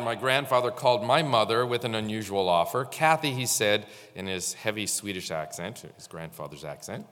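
A pastor giving a Sunday sermon in a halting, conversational way, pausing often on fillers. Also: male voice, fairly low pitch, lively intonation, fairly bright tone, long reverb tail.

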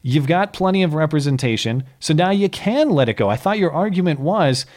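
A man's voice: fairly high pitch, animated, fairly quick, a little mellow. A man hosting a podcast, talking through his argument at length in casual political commentary. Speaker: podcast host.

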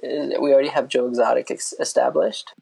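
Male podcast co-host, gravelly husky voice, mock-serious teaser who laughs often. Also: medium pitch, fairly even intonation, fairly quick, warm tone. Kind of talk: casual podcast banter.

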